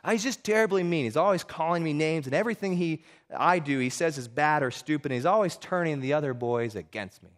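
A man's voice: fast, few pauses, close to an everyday voice. A man doing an eager young schoolboy. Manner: excited, higher-pitched boyish voice.

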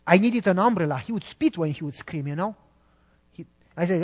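A man preaching a sermon as a testimony story, animated, acting out the voices in it and speaking directly to listeners. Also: high voice, a little fast, in a large hall. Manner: animated, acts out quotes, addresses listeners.

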